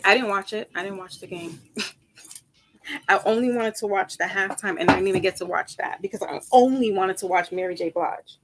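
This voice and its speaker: A woman tarot reader chatting casually with her viewers, rambling from topic to topic, laughing easily and jumping up high for emphasis. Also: a bit bright, slight background noise. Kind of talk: casual chat with viewers before a reading.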